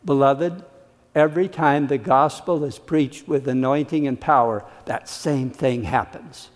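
Dramatic preacher in a reverberant hall. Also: male voice, mid-range voice, unhurried. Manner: dramatic, acts out quoted voices, emphatic. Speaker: pastor. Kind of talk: sermon.

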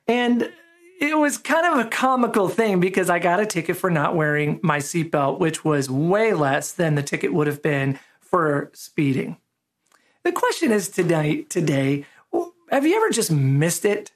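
Relaxed storytelling male pastor. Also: on the high side, normal speed. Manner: relaxed storytelling, self-deprecating humor. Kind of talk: conversational sermon with a personal story.

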